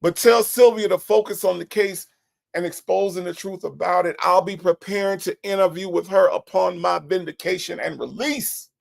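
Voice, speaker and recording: A man's voice: sits high, fairly even intonation, normal speed, vocal fry. A man hosting a casual commentary show, mocking and often restarting his sentences. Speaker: show host.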